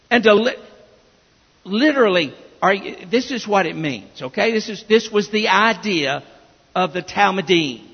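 In a dull, echoing church recording, a male pastor delivers a sermon in a high, gravelly voice. He preaches slowly and with emphasis, repeatedly restarting as he goes.

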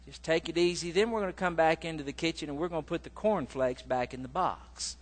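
A man voicing a calm grown son who gently soothes his mother in a hushed, patient way. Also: on the high side, a little fast, lightly acted. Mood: soothing.

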